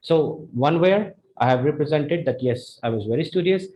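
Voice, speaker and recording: A young man with an Indian accent teaching a spoken English lesson, animated and jumping his pitch up and down to show intonation. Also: normal speed, poor audio. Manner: animated, demonstrates intonation with sudden pitch jumps. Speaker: English speaking tutor.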